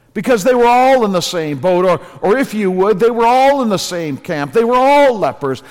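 A man preaching a sermon in church, earnest and building to emphatic repeated phrases. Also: sits high. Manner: earnest, rising to emphatic repetition. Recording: long reverb of a church hall.

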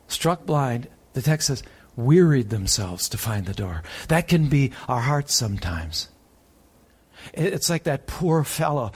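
A man delivers a sermon in a slightly husky voice that sits a little above the usual pitch for a man. His delivery swings between loud, urgent peaks and soft, hushed stretches. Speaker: preacher.

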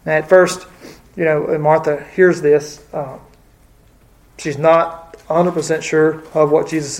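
A man's voice: fairly high pitch, level tone, measured pace, long pauses, a little mellow. A man teaching a casual Bible study, talking hesitantly with many fillers and restarts.

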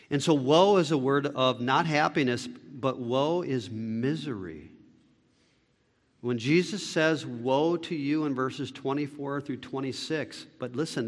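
A man preaching a sermon as pastor, swinging between loud, fervent lines and hushed ones, with deliberate phrasing. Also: mid-range voice. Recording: long reverb of a hall.

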